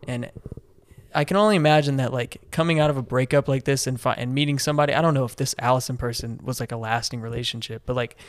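A man's voice: medium pitch, quick pace, clear, resonant tone, no echo, clean studio sound. A man co-hosting a casual podcast about music, talking eagerly and rambling, with lots of restarts and fillers. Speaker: podcast co-host.

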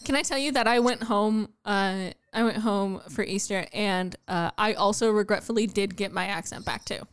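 A woman co-hosting a podcast, talking in animated, playful rants in casual chat. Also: mid-range voice, moderate pace, clear, resonant tone. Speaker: podcast co-host.

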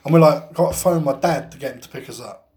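A man's voice: fairly high pitch, quick pace, darkish tone. A man co-hosting a podcast, telling a rambling anecdote in casual chat, swearing constantly and laughing as he goes. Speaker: podcast co-host.

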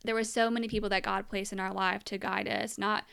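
A woman's voice: medium pitch, little pitch movement, a little fast, gravelly, fairly bright tone, clear, resonant tone. A young woman telling her personal story as a mother in an earnest, emotional monologue, at times close to tears.

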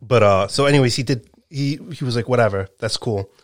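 Male storyteller, blue-collar, profane and animated, dry mic. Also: mid-range voice, a little fast, no room sound. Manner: animated, profane, acts out quotes. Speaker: truck driver telling a story. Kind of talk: casual storytelling chat.

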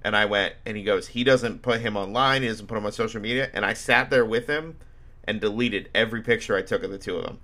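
A man's voice: lowish voice, quick pace, pushed and bright. A man hosting a casual podcast, telling anecdotes with animation and acting out what people said. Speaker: podcast host.

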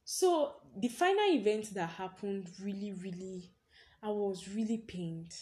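A woman's voice: mid-range voice, animated, unhurried, warm tone. A young woman hosting her own podcast, telling a personal story in a loose, chatty way, leaning on "basically" and laughing often. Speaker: podcast host. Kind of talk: casual personal podcast monologue.

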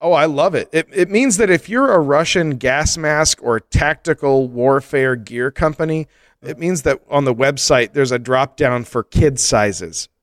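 A man co-hosting a comedy podcast, joking in a deadpan way. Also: a little high, a little slow, no room sound, clean studio sound. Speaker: podcast co-host. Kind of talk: casual comedic chat.

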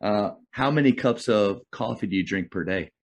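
A man's voice: on the low side, normal speed. A man hosting an interview, chatty and rambling, often stumbling over his words. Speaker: host. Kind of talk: casual interview chat.

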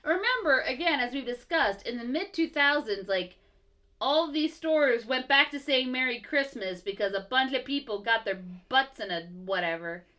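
A woman's voice: high-pitched, expressive, normal speed, sharp tone. A woman co-hosting a casual podcast, reading facts from her notes with blunt, sarcastic asides. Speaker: podcast co-host.

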